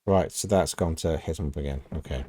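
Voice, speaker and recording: A man's voice: very deep voice, brisk, mellow. A British man from the UK hosting a reaction video, chatting casually and thinking aloud with lots of "you know.". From United Kingdom.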